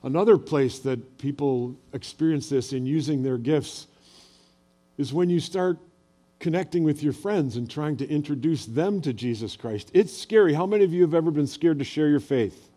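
A man's voice: on the high side, normal speed, mellow. An older man preaching a sermon as a pastor, telling personal stories in a conversational way and asking the audience questions.

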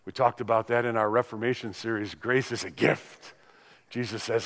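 A man's voice: mid-range voice, steady tone, normal speed. Older man preaching in a reverberant hall. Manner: preaching with dramatic swings from loud to hushed. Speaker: pastor. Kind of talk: sermon.

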